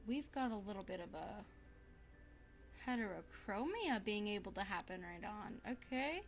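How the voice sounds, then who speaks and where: A young woman streaming a life-sim game, chatting casually to viewers in a bubbly, excitable way, gasping and repeating herself. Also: mid-range voice, moderate pace, soft background music. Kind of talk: casual gaming stream chat.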